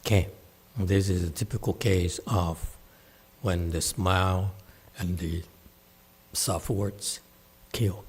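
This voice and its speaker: In a temple hall, a man with a deep, husky voice leads a relaxed meditation Q&A, speaking slowly with long pauses and fairly even intonation. He's playful, laughs often, and acts out the voices he quotes.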